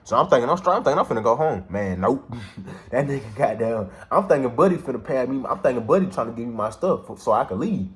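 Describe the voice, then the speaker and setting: A young man casually telling a personal story in heavy slang, animated and repeating "you know what I'm saying" as a filler. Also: medium pitch, fast talker. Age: young adult.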